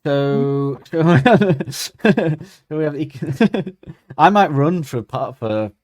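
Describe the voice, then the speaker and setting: A man's voice: a little high, animated, extremely slow, a little mellow, dry recording, studio quality. A man co-hosting a podcast in casual chat, rambling and hesitant, with many ums and restarts. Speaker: podcast co-host.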